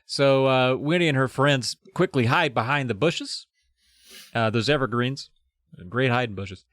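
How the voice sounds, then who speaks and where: A man's voice: mid-range voice, measured pace, a bit bright, dry recording. A man hosting a podcast, recapping a book chapter in a joking, rambling way with asides. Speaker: podcast host. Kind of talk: casual comedic book recap.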